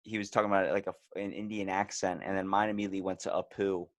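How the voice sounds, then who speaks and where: A man hosting a casual podcast chat as an animated storyteller who keeps slipping into voices. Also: deep voice, quick pace, no room sound. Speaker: podcast host.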